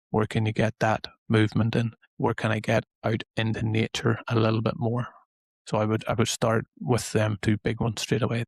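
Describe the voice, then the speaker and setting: A man's voice: fairly low pitch, vocal fry, dry recording. A man with an Irish accent, hosting a podcast and giving casual self-help advice in a loose, repetitive way. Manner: conversational, loose and repetitive phrasing. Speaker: podcast host and coach.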